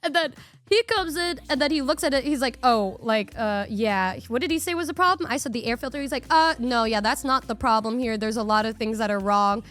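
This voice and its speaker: A young woman streamer casually telling her viewers a long story, rambling and animated, swearing freely and acting out what people said. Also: a little high, fairly quick. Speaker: VTuber streamer.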